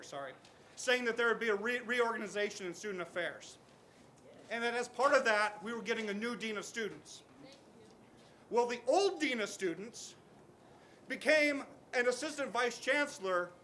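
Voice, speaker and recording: A man with a very high, sharp, piercing voice delivers an impassioned protest speech outdoors. He builds from plain talk to angry shouting at the crowd, and faint noise sits under the sound. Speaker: student protest speaker.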